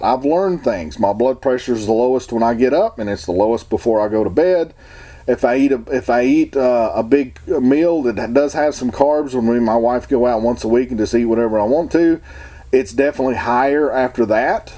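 A man's voice: medium pitch, brisk, mellow. A man talking casually and emphatically to his viewers, opinionated and rambling, often restarting his sentences. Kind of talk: casual talk to camera.

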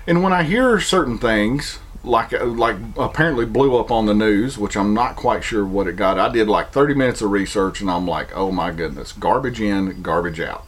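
A man's voice: medium pitch, animated, normal speed, hardly any pauses. A man with a Southern American accent, delivering an opinion monologue full of rhetorical questions and mocking imitations.

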